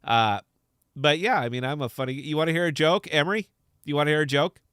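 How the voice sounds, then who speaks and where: A man's voice: on the high side, fast talker, a bit bright, clear, resonant tone, dry recording, clean studio sound. A man hosting a podcast in casual, unscripted chat, brash and profane, teasing his co-host.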